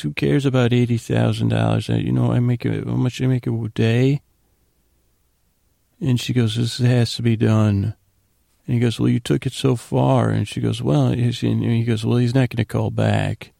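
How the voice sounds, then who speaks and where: A man with a low, heavily gravelly voice rambles through a casual comedy recap. His tone is dark and mellow, and the sound is dry and close. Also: dry recording. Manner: rambling, retells scenes with quick quoted lines. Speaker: podcast host recapping a TV episode.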